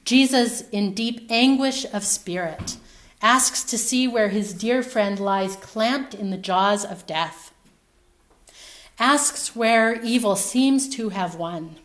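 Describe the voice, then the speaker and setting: A woman preaching a sermon in a reflective, storytelling manner, her phrases trailing off softly. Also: mid-range voice, takes it slowly.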